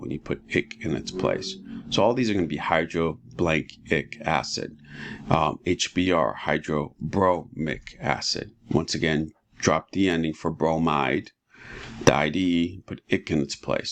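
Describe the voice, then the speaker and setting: A man teaching chemistry in a relaxed, casual lecture, walking students through each step and often asking "right?". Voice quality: very deep and gravelly. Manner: relaxed, talks students through steps with frequent rhetorical "right?".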